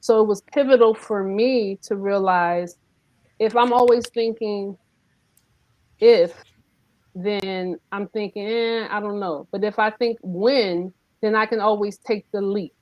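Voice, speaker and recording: A woman's voice: mid-range voice, measured pace, no room sound, dull audio. A woman speaking as a guest entrepreneur in a panel-style interview. She talks emphatically and keeps returning to rhetorical questions. The recording is dry and close, with no room sound.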